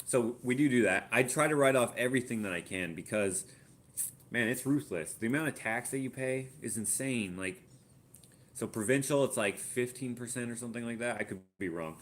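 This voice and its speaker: A Canadian man chats casually on a live-stream Q&A from his home art studio, muttering and thinking out loud while he searches for things and does sums. He has a mid-range, slightly bright voice at a moderate pace.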